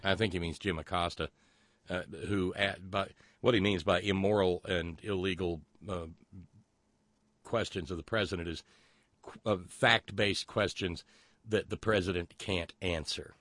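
A man's voice: low-pitched, steady tone, measured pace, fairly bright tone, no room sound. A man hosting a political commentary show, sarcastic and mocking as he reacts to clips.

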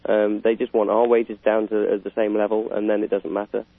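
A man's voice: fairly low pitch, little pitch movement, brisk, creaky. A British man in casual political chat, rambling with fillers and chuckling. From Britain. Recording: tinny phone-like line.

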